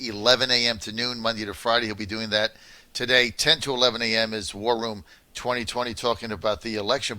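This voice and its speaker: A man hosting a talk radio show, laughing easily and reading quick promos between comments. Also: medium pitch, bright, forceful tone, no room sound. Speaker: radio host.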